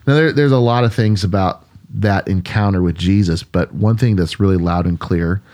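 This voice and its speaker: A male pastor talking on his podcast, voice sitting a little low. He tells stories earnestly and musingly, restarting his sentences as he goes. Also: normal speed, a little mellow. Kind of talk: conversational podcast storytelling.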